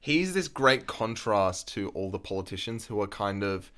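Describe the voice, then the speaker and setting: Rich: A man with a lowish, smooth and resonant voice co-hosts a casual film podcast. He talks loosely, swears freely and often restarts his sentences. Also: expressive, normal speed, fairly bright tone. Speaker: podcast co-host. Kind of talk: casual film discussion chat.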